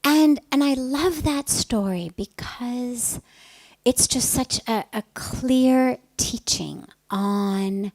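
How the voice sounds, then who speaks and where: A middle-aged woman, a spiritual teacher, telling a personal story in an earnest, emphatic way that often softens to a breathy hush. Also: mid-range voice, no echo.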